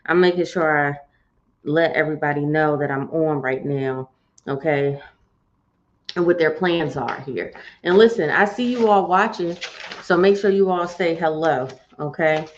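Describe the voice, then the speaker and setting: Lady host chatting on a live stream, lowish voice, kinda dull lo-fi sound. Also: a little slow, a little hiss or hum. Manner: chatty, folksy, addresses viewers as y'all. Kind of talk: live-stream morning show chat.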